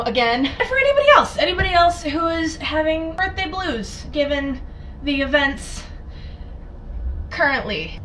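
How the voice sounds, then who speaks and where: A young woman vlogging casually from her home kitchen as she bakes. She chats, swears freely and breaks into loud exclamations. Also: on the high side, a little hiss or hum. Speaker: baking vlogger. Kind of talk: casual baking vlog. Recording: distant mic, background music.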